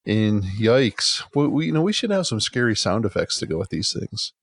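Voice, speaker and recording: A man's voice: fairly low pitch, big pitch swings, normal speed, creaky, breathy edge, no echo. A man hosting a casual sports podcast, teasing his co-host in a jokey manner and often restarting his words. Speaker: podcast host, league commissioner.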